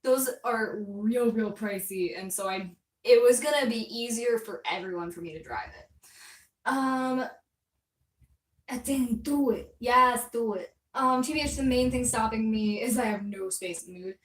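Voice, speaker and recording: A woman in her twenties with a fairly high voice chats casually at a moderate pace on a live stream while painting, rambling and reading viewer comments aloud. Her mic sits at a distance and shifts as she works, so her voice often drifts off-mic into a roomy echo.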